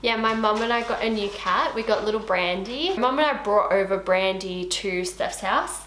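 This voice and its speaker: A woman's voice: mid-range voice, moderate pace, fairly bright tone. Chatty young woman, echoey room. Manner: chatty, blunt, casual swearing. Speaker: vlogger. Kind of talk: casual storytime chat. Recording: echoey room with faint noise.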